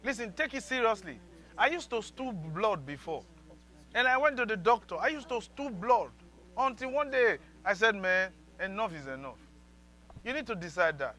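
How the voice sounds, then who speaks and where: A man's voice: high voice, animated, normal speed, bright, forceful tone, rough recording. A man preaching a sermon as pastor, leading the congregation in repeated prayer lines.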